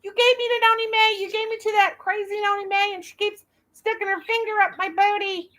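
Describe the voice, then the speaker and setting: A shrill little girl doll squeaks her complaints in a sharp, high voice well above a normal speaking range. She tattles in a whiny, childish sing-song, all pinched and bright. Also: fairly even intonation, a little fast. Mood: whiny tattling.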